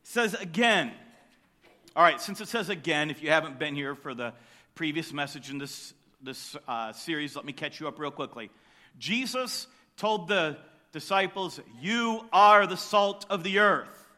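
A man preaching a sermon, emphatic, with loud rising bursts on key lines. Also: fairly high pitch, lively intonation, normal speed, in a large hall. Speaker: pastor.

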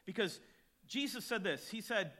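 A male pastor delivering a sermon with a lively, wide-ranging delivery and a bright, forceful tone. He moves between hushed reflection and loud, punchy emphasis, fitting in personal stories along the way. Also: high voice, moderate pace. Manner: dynamic preaching, swings between quiet and loud emphatic lines; storytelling with acted quotes and chuckles.

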